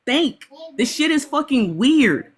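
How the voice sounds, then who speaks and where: A woman giving heated reaction commentary, ranting fast and full of swearing, upset and apologizing. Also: sits high, very animated. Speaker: panelist.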